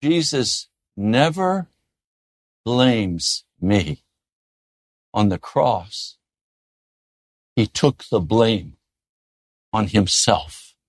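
A man preaching a sermon in an earnest way, often dropping to a soft, gentle tone. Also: on the low side, animated, extremely slow, pauses often, dry recording, studio quality. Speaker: pastor.

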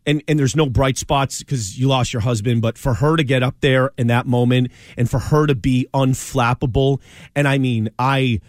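Male sports talk co-host, emphatic and stammering, mid-pitched, dry close studio sound. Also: steady tone, normal speed, no echo. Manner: emphatic, stammering restarts, opinionated. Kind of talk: sports talk radio banter.

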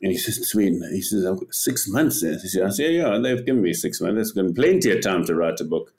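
Low-voiced older man telling animated stories. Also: a little fast. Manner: animated storyteller, repeats words, acts out quotes. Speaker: podcast guest, ocean paddler. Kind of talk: casual interview talk.

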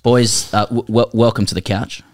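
A man hosting a podcast in a casual, bantering way. His voice sits a little low, and he jokes, rambles and restarts his sentences. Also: steady tone, normal speed, no echo, clean studio sound. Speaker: podcast host.

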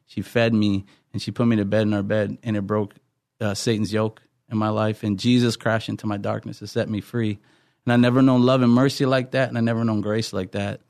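A man's voice: on the low side, darkish tone, dry recording, studio quality. A middle-aged man, a pastor, earnestly telling his life story in a podcast interview, often restarting his sentences.

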